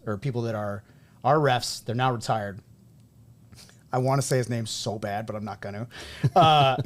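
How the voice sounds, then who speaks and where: A man in his thirties from New England, hosting a casual podcast conversation and telling stories in an animated way. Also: medium pitch. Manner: animated storyteller, acts out quoted people. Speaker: podcast host and high school coach.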